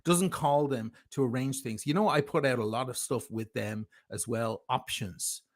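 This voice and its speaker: A man's voice: medium pitch, moderate pace. A man speaking as a guest in a heated livestream discussion, defending himself emphatically and sarcastically. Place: lives in Venice.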